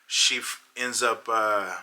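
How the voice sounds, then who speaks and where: A man telling a funny personal story in a casual, animated way. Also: fairly low pitch, slow, clean tone, low-quality recording. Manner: animated, dramatic retelling. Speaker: vlogger.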